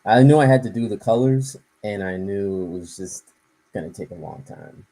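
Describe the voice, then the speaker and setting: A man's voice: lowish voice, animated, normal speed, mellow, rough recording. A man chatting casually as a guest, laid-back and slangy. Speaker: guest artist. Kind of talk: casual live-stream chat.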